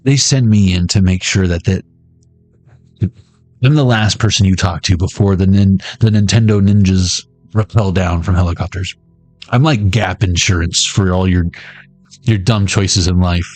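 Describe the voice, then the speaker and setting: A man giving a tarot reading as a comedic monologue, riffing with jokes and jumping into squeaky high voices. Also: moderate pace, a little mellow, soft background music. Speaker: tarot reader.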